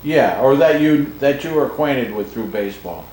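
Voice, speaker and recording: A man's voice: medium pitch, expressive, moderate pace, darkish tone, slight background noise. A man interviewing a former coach, asking brief, plain questions. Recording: roomy, distant mic, faint ambience.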